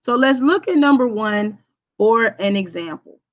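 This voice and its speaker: A woman's voice: fairly high pitch, animated, measured pace, lo-fi sound. A woman teacher walking students through a recorded grammar lesson, patiently checking understanding with frequent okays. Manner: hums to herself while typing on screen.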